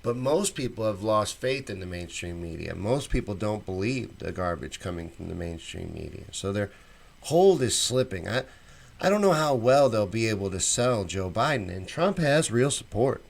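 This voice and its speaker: A man's voice: on the low side, lively intonation, moderate pace, creaky. A man hosting a casual live stream, reading viewer comments aloud and answering each one with his own opinions. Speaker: show host reading live chat.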